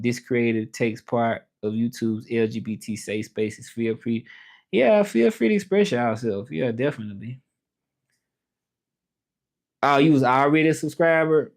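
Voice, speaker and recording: A man from Tennessee with a Southern accent, chatting casually on his livestream and answering viewer comments aloud. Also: mid-range voice. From Tennessee, USA. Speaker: livestream host and interpreter.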